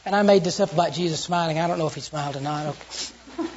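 A preacher with a Southern US accent, giving an earnest storytelling sermon that turns from hushed to loud. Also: medium pitch, fast talker, breathy edge. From Southern United States. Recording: dull lo-fi recording.

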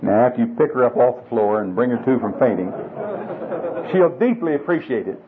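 A man's voice: mid-range voice, expressive, brisk, slight background noise. Folksy preacher man, tinny lo-fi sound. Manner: folksy, humorous, coaxing the audience. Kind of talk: sermon to married men.

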